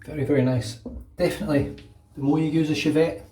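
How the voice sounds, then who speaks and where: A Glaswegian man from Scotland talking casually and quickly while he shaves, dropping in asides like "know what I mean". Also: a little high, steady tone, roomy sound, far from the mic, heavy background noise. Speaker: wet shaving channel host. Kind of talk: casual talk over a shave.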